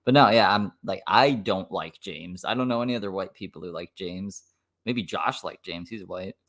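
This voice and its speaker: A man with a Minnesota accent talks over stream clips in a casual reaction commentary, his voice on the low side. He drops wry, dry asides and laughs between points. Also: normal speed, a bit bright.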